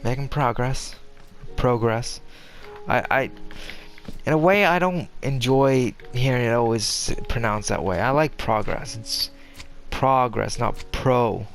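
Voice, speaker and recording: A man's voice: mid-range voice, a little slow, faint music behind. Rambling young man over gameplay. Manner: rambling, meandering with many fillers and restarts. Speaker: gaming commentator. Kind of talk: casual gameplay commentary.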